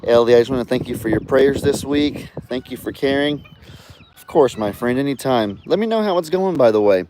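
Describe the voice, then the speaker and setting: A man's voice: medium pitch, animated, fairly quick, a little mellow. A man strolls his farm and talks to the camera in a loose, chatty way, stopping to dote on his birds and pets. His voice sits in an ordinary middle register. Faint outdoor farm noise and clucking chickens run beneath him. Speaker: farm vlogger. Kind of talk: casual farm vlog.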